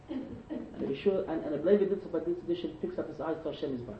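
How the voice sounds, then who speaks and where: High-voiced man preaching with animation. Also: fast, slight background noise. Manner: animated, climbing to shouted emphasis. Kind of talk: sermon storytelling. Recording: echoey and dull lo-fi.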